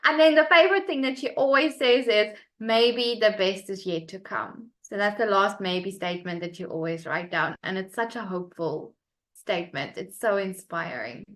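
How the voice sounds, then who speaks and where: A woman chatting enthusiastically on a group video call, bubbly and quick to laugh, with lots of "like". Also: medium pitch, animated, a bit bright. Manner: enthusiastic, bubbly, laughs often, says "like" a lot. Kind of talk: lively casual chat.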